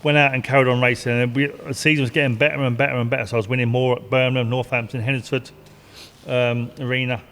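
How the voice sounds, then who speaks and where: A man's voice: medium pitch, flat delivery, fast talker, a bit bright. Older man, retired racer, rambling anecdotes with laughs; long reverb. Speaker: retired stock car driver. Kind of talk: casual storytelling interview.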